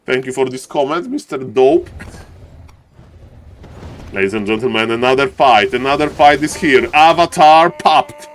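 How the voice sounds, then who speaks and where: A man casting a live strategy game match in English, which is not his first language, with bursts of shouting at big plays and joking asides to chat. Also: mid-range voice, moderate pace, pauses often. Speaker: esports caster.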